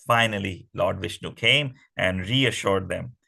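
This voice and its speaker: A man telling a myth to a children's class, animated and often asking the kids questions. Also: low-pitched, unhurried, vocal fry, rough recording. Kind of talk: storytelling to children.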